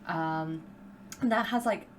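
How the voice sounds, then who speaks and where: A woman's voice: fairly low pitch, slow pace, slight background noise. A British woman talking casually as a podcast guest, rambling with lots of restarts. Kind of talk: casual chat.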